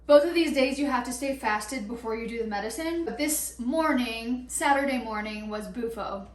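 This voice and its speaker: A woman's voice: a little high, normal speed, distant mic. Chatty young woman, echoey and off-mic. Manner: chatty, animated, lots of "like" and laughs. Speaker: vlogger. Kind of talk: casual storytelling vlog. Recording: echoey room, a bit off-mic.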